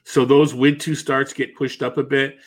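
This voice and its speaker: A man's voice: medium pitch, level tone, moderate pace. Hesitant man with a Boston accent. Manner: hesitant, restarts and trails off, laughs easily. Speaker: podcast co-host. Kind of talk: casual fantasy baseball chat.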